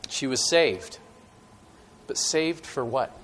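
A man's voice: medium pitch, expressive, fairly bright tone, slight background noise. A conversational male preacher. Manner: conversational, many fillers, dramatic pauses. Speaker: guest preacher. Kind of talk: sermon with stories. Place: church.

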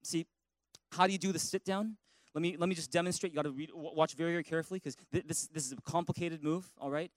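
A male pastor delivering a lively, playful sermon, telling stories and leading his congregation in call-and-response. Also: on the high side, fast talker, dry recording, low-quality recording. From Canada. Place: church sanctuary.

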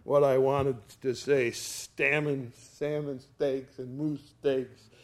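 A man's voice: mid-range voice, flat delivery, slow pace. A man preaching a sermon as pastor, telling stories in a folksy, homely way. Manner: folksy storytelling.

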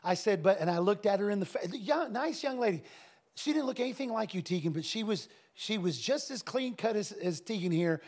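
A man telling a story in a casual, animated way, laughing often and restarting his phrases. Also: high voice, brisk. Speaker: guest minister telling a story.

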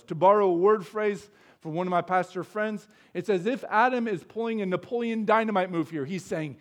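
A man's voice: high-pitched, moderate pace. A man preaching a sermon, earnest and explanatory, asking his listeners rhetorical questions. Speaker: pastor.

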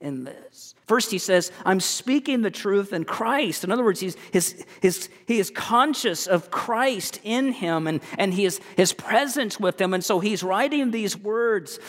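A man preaching a sermon as pastor, earnest and halting, repeating words as he goes. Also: sits high, animated, fairly bright tone, in a large hall. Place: church.

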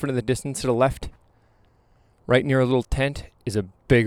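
A man around thirty spins a motivational story with emphatic, animated delivery and dramatic pauses. His voice is smooth and resonant, recorded dry and close. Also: mid-range voice, no echo. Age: late 20s to 30s. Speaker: photographer and hypnotherapist.

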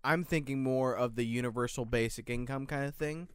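In a casual chat, a young American man talks at a medium pitch and a slightly quick pace. He rambles and hedges, restarting often and swearing casually.

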